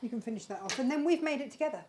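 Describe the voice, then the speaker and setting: A woman with a high, expressive, mellow voice talks at a rapid-fire clip. She hosts a live crafting channel, chatting casually and rambling fondly about the handmade bags she's selling in this chatty live-stream product talk.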